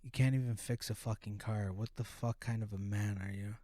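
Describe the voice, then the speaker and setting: A man's voice: fairly low pitch, steady tone, brisk, warm tone, no room sound, clean studio sound, lightly acted. A man voicing a furious, scornful woman who hurls profane insults at her partner.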